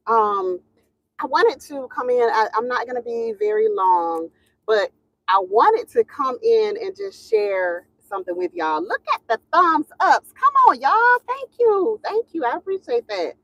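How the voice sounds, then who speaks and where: A woman talks casually on her livestream, a chatty and lively speaker who laughs often and stretches her phrases with an easy drawl. Her voice sits fairly high and swings widely in pitch. The sound is dry and a bit dull, like a lo-fi home mic. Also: gravelly, dry recording. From Southern United States. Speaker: livestream host greeting viewers.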